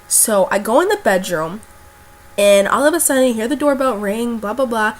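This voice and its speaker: A woman's voice: on the high side, lively intonation, moderate pace. A young woman vlogger telling a personal story in a casual, blunt way, with lots of fillers and swearing.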